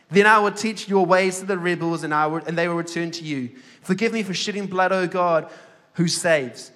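A man leading a sermon, reading scripture aloud with slow emphasis and joking asides to the congregation. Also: sits high, a bit bright, in a large hall. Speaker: head of a ministry school, preacher.

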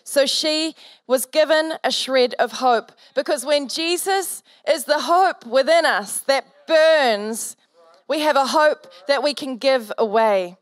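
A woman's voice: high voice, takes it slowly, no echo. A woman pastor preaching a sermon, telling a story earnestly and building to fervent exhortation.

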